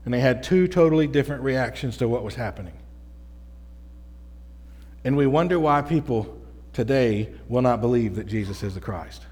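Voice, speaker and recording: A man preaching a sermon as pastor, talking to the congregation in an energetic, conversational way with frequent restarts. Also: medium pitch, moderate pace, long pauses. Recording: hall reverb.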